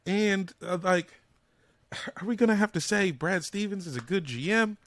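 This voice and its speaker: A comedian guest on a sports podcast, riffing and joking in playful rants. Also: male voice, high-pitched, expressive, moderate pace, fairly bright tone, dry recording. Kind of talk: casual sports podcast chat.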